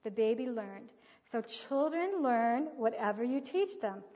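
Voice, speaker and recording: Woman, high voice, child-rearing coach, plain-spoken storytelling, dull lo-fi sound, long echo. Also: lively intonation, unhurried, darkish tone. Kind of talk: anecdotal teaching talk.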